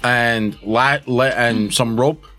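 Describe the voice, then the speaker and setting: A man's voice: medium pitch, steady tone, slow, sharp tone, faint music behind. A man playing a tabletop game, narrating his character's moves in a rambling, hedging way. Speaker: player. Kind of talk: casual tabletop play.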